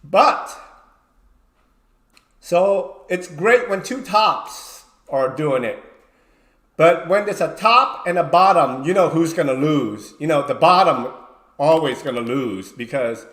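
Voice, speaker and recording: A man who coaches wrestling, telling a story in casual livestream chat, swearing freely and acting out shouted lines. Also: sits high, unhurried, pauses often, reverberant.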